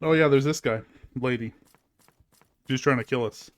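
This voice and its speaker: In a dry recording, a gaming streamer with a medium-pitched voice speaks at a moderate pace. His let's-play commentary is casual, sprinkled with fillers, and he reads the game's text aloud.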